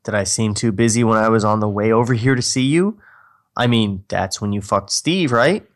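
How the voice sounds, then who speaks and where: A man's voice: lowish voice, moderate pace, lightly acted. Man reading a furious jealous young boyfriend. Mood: bitter accusing. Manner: angry, cursing, confrontational.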